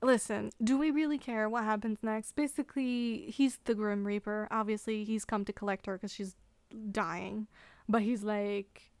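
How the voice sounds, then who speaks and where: Recorded dry and close to the microphone, this podcast host has a medium-pitched, clean voice and a moderate pace. She retells a book with lively sarcasm, laughing often as she chats casually.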